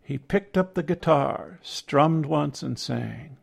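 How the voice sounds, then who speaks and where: Older guy narrating a thoughtful memoir piece, super gravelly, slow and measured, pitch a bit higher than most men. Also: over music. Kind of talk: reflective personal essay narration.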